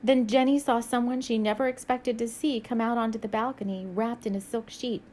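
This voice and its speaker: A woman with a fairly high voice reads her own romance novel aloud in a soft, even way. Between passages she muses, hesitates and laughs lightly as she offers a spiritual message. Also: brisk. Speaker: author and spiritual reader.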